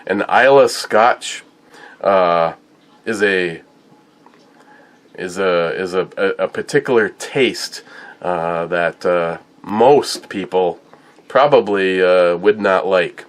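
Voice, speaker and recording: A deep-voiced man hosts a casual whiskey tasting vlog. He talks slowly and lets his stories wander, stopping and restarting as he goes. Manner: rambling, halting storytelling. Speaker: whiskey and beer reviewer.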